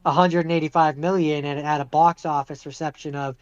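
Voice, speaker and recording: A man co-hosting a podcast in casual chat, talking in a measured, hesitant way with lots of fillers and sounding like he's losing his voice. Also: on the high side, level tone, a little mellow, clear, resonant tone, dull audio. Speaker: podcast co-host.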